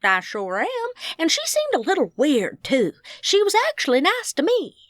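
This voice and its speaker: A woman's voice: high voice, wildly swooping pitch, moderate pace, a bit bright, no echo, studio quality, pitched above the performer's own voice, exaggerated voice. A woman doing a drawling country mechanic guy. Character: lanky good-natured young country mechanic man.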